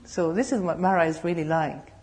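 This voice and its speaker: A Buddhist nun giving a dharma talk, telling humorous, animated stories. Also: female voice, fairly low pitch, a little fast. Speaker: Buddhist nun and meditation teacher.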